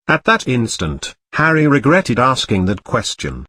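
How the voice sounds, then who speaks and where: Man narrating an animated comic audiobook. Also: medium pitch, unhurried, few pauses, slightly rough, no echo.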